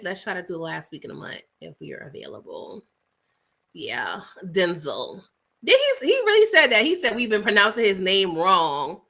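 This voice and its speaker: Bright-voiced chatty woman livestreaming. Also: mid-range voice. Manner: chatty, animated, uses "child" and "y'all". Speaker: livestream host. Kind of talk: casual chat with live viewers.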